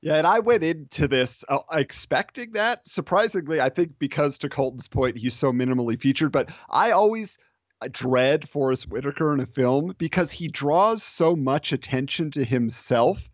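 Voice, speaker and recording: A man's voice: on the high side, animated, moderate pace, no room sound, lo-fi sound. A man in a casual film conversation, rambling with lots of asides and fillers.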